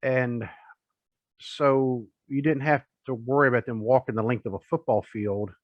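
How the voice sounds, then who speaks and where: A man talks casually and rambles through his points, joking as he goes. His voice sits at a middle pitch. The audio is dull and lo-fi, recorded close and dry. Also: fairly even intonation, moderate pace, dry recording. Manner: rambling, chatty, jokey. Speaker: podcast co-host. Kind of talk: casual chat.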